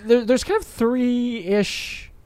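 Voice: medium pitch, drawn-out words, darkish tone, no room sound. A podcast co-host in casual chat, wry and teasing.

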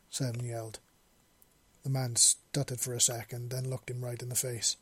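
Husky-voiced man reading a story. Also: medium pitch, normal speed, no echo. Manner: plain steady reading with small slips. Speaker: narrator. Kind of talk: reading fan fiction aloud.

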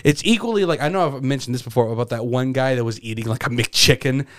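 A man's voice: mid-range voice, fast talker, fairly bright tone, no room sound, clean studio sound. A young man co-hosting a podcast, telling casual stories with lots of fillers and swearing. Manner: loose, profane storytelling with many fillers. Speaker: podcast co-host. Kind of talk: casual chat.

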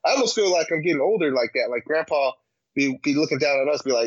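A man's voice: on the high side, expressive, quick pace, husky, no room sound, dull audio. A man in a casual podcast chat, rambling and slangy, full of fillers and restarts.

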